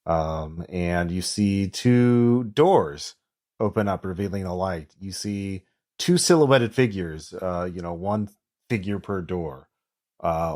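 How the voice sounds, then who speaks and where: A man narrating as game master in a tabletop game, relaxed, with many pauses and ums. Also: sits low.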